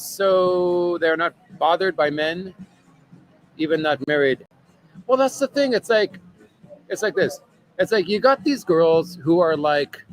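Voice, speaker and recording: A man's voice: high voice, a bit bright, slight background noise, poor audio. A man chatting casually on a livestream in a bar or restaurant, reading viewer comments and rambling with lots of fillers, often tagging "right?" onto his sentences. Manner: rambling, filler-heavy, keeps asking "right?". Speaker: live streamer reading viewer chat.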